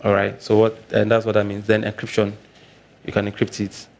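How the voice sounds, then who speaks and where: A man's voice: lowish voice, monotone, fairly quick, creaky. A Nigerian man presenting a live technical workshop, often repeating his points and checking in with "all right".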